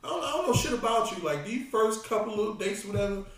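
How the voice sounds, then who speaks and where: A man's voice: high-pitched, lively intonation, fast talker, very echoey, recorded from a distance. A man co-hosting a casual podcast, rambling and profane, often repeating words as he works through a point. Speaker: podcast co-host. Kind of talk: casual crude banter.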